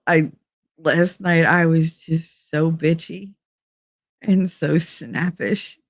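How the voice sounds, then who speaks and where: A middle-aged woman with a deep voice and fairly even intonation hosts a relaxed livestream, taking her time as she talks. She speaks openly and crudely, laughs often and mimics the people she quotes. The clean studio recording has no room sound.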